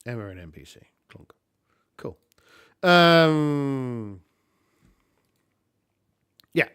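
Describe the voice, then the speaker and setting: Slow, muttering man playing solo. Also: medium pitch, animated, a bit bright, smooth, no echo, clean studio sound. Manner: halting, muttering counts to himself. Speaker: solo tabletop player and narrator. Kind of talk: casual solo game play, thinking aloud.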